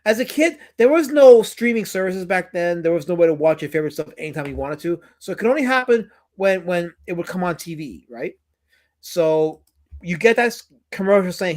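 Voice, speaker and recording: A man's voice: high-pitched, normal speed. Casual talk-show host from New York, a man who rambles and stutters over words. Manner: animated, rambling, repeats words. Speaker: podcast host. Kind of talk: casual chat.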